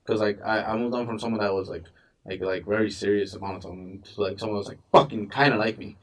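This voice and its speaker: A man's voice: fairly low pitch, steady tone, quick pace. Young man, casual podcast chat, rambling, swearing, far from the mic. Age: young adult. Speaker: podcast co-host.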